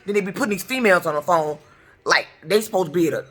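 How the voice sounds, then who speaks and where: Middle-aged woman, bright tense voice, heated profane vlog rant. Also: mid-range voice, quick pace. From Detroit, US. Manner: heated, profane, repetitive ranting. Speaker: truck driver. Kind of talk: angry ranting vlog.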